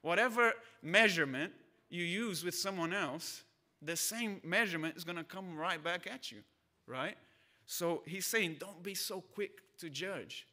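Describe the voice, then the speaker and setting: Man, pastor, from Brazil, sermon, chatty storyteller, bright tone. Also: high-pitched, measured pace. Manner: conversational, storytelling with acted voices.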